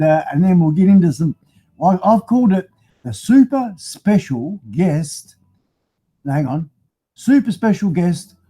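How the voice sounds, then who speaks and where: Middle-aged Aussie bloke hosting a live stream from his garage on a phone webcam; mellow, a touch high, rambling and mildly sweary. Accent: Australian. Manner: rambling, chatty, mildly swearing, laughs often. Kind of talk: casual live-stream chat. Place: home garage with motorbikes. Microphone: phone used as webcam.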